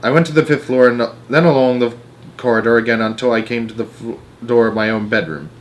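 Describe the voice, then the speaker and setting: A man narrating a children's novel aloud in a middle-range voice. His storytelling is lively and dramatic, pushing the tension along scene by scene. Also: mid-range voice, fast.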